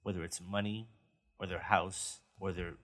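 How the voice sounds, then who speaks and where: A man's voice: low voice, fairly even intonation, normal speed, a bit bright. A man hosting a movie news podcast, reading out stories and then chatting about them casually. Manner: reads news stories aloud, then chats. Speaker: podcast host.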